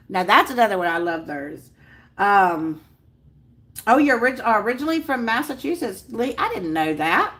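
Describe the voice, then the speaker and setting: A woman's voice: a little high, lively intonation, a little slow, fairly bright tone. A woman hosting a casual livestream, bubbly and gushing as she greets viewers by name. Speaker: livestream host. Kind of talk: casual live chat with viewers.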